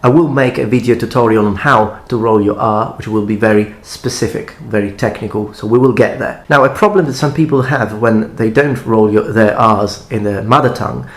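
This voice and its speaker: A man giving a language lesson on his channel, explaining pronunciation carefully and modeling words for the listener to repeat. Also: on the low side. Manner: careful, deliberate pronunciation drills. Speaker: language tutor.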